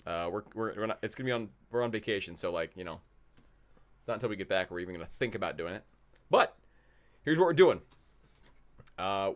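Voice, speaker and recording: A man's voice: on the low side, a bit bright. Man, trivia host, casual and jokey, rambles and repeats lines. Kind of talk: casual live trivia hosting.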